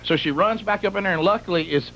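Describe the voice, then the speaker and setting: A middle-aged radio host tells a comic story in a rambling, exaggerated style, stacking up one detail after another. His voice sits high and comes out fast, pushed, and bright. The broadcast sounds muffled, with a faint hum underneath.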